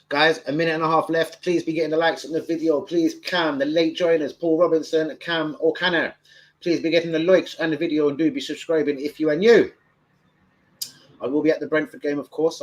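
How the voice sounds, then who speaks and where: Bloke rambling on his live stream, loads of swearing, chatty, middle pitch. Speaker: football fan live streamer. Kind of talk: casual live stream chat.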